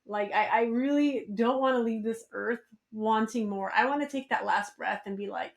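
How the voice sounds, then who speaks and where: A woman's voice: a little high, moderate pace, vocal fry. A middle-aged woman co-hosting a podcast in casual chat, candid and swearing freely. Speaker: podcast co-host.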